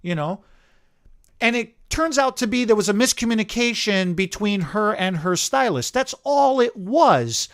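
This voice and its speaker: High-voiced man telling a salon story. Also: moderate pace, hardly any pauses. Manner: animated anecdote telling, acting out quotes. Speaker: salon owner and stylist. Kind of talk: casual chat, storytelling.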